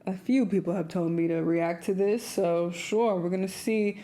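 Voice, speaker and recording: A woman's voice: lowish voice, steady tone, normal speed, dark tone. A young woman hosting a reaction video, talking bluntly and casually, swearing, laughing and mimicking the people she discusses.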